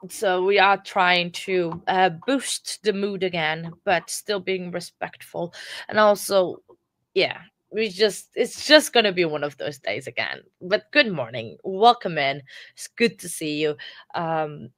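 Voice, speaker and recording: A sad woman close to tears, hosting a casual true crime live stream in a subdued, monotone way. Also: lowish voice, no room sound. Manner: subdued, self-described monotone delivery. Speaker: true crime livestream host.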